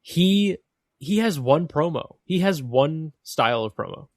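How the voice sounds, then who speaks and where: A man co-hosting a wrestling podcast, talking into a close mic with a very dry sound. He is opinionated and mocking, and breaks into quick impressions of the wrestlers he's tearing apart. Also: a little high, lively intonation, no echo. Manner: opinionated, mocking, mimics wrestlers mid-rant. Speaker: podcast co-host. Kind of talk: casual wrestling chat.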